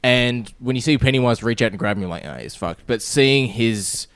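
A man's voice: mid-range voice, normal speed, a bit bright, a little hiss or hum. A man co-hosting a casual film review podcast, retelling scenes in a loose, swearing, offhand way.

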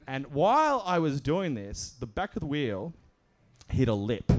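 A man's voice: mid-range voice, sing-song, normal speed. A man telling a comic story on stage at a live show, laughing through his lines and acting out the voices in it.

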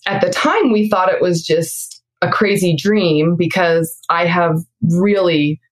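A woman in her thirties, a guest in an interview, telling a family story with frequent laughter. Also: fairly low pitch. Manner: lively retelling with frequent laughter. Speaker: interview guest, mother of six.

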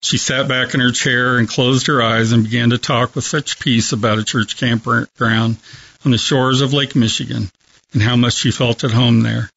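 A man calmly telling a reflective story as a guest on a radio talk show. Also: mid-range voice, normal speed, gravelly, dull audio. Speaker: hospice worker telling a story.

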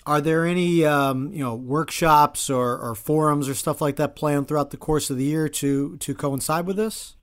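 A man hosting an interview, asking relaxed questions and chatting along with his guest. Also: fairly high pitch, moderate pace, hardly any pauses. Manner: chatty, laughs along, many fillers. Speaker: interview host. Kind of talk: casual interview.

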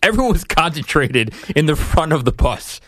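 Hesitant man with a lively voice. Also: fairly high pitch, moderate pace, no room sound. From Staten Island, New York. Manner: hesitant, with many fillers. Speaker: guest. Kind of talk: casual podcast chat.

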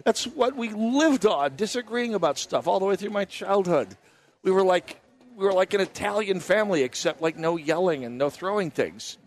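Here the Minnesota radio host speaks a little fast in a high voice with lively intonation. He's running a live talk show from an outdoor state fair booth on a broadcast mic with headphones, spinning chatty stories packed with restarts and asides.

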